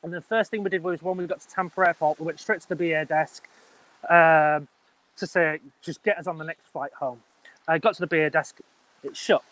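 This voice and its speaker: A man's voice: on the high side, fairly quick, rough recording. A man in his thirties with an English accent, a wedding business owner telling his story in an interview in a chatty, rambling way. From England. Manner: chatty, animated, rambling with restarts.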